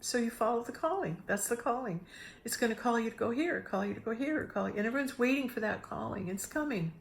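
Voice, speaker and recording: A middle-aged woman giving a casual spiritual talk, telling a personal story with lively restarts and acted-out inner voices. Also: a little high, fast talker, gravelly, a little hiss or hum. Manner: animated, restarts often, acts out her own inner voices. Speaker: spiritual speaker.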